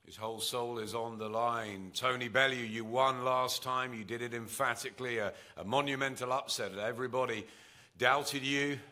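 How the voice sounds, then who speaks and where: Forceful male presenter asking questions. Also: mid-range voice, fairly even intonation, normal speed. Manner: direct, builds up each question. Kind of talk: press conference questions. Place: press conference.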